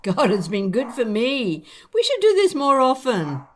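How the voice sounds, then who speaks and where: An older woman hosting a podcast, chatting with an old friend in a gentle, reassuring, reflective way. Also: fairly high pitch, wildly swooping pitch, unhurried, slight background noise. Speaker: podcast host. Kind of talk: casual chat between old friends.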